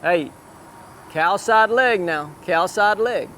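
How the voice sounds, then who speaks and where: Male cutting horse trainer, high voice, barking repeated short cues at a rider outdoors, faint traffic behind. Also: slow, sharp tone. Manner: calls out short repeated commands. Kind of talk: live riding coaching. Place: outdoor riding arena.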